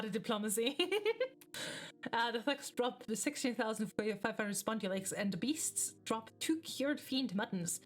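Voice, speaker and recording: A woman streamer casually reading a webcomic aloud, breaking off now and then to laugh and react with swearing. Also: fairly high pitch.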